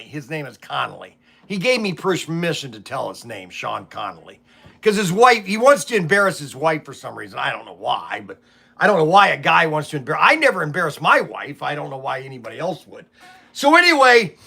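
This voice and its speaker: A man's voice: fairly high pitch, gravelly, sharp tone. A middle-aged man who owns a toy shop, telling rambling stories in a casual vlog, repeating words and acting out his phone calls.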